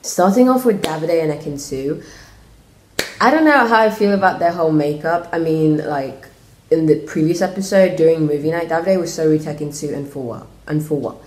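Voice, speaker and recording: A woman's voice: low voice, a little fast, a little mellow. A woman giving an opinionated, casual vlog review, full of "like" fillers. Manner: opinionated ranting with many "like" fillers. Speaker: reality show reviewer. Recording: roomy echo.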